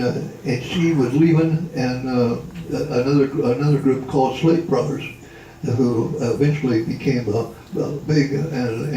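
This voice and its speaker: A man's voice: mid-range voice, dark tone. A man in his eighties telling stories from his life to a gathering at a family reunion, rambling with many restarts and fillers. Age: 80s. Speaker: retired drummer and tap dancer. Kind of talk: storytelling to a live gathering. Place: indoor hall at a family reunion. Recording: roomy echo, distant from the mic, faint background hum.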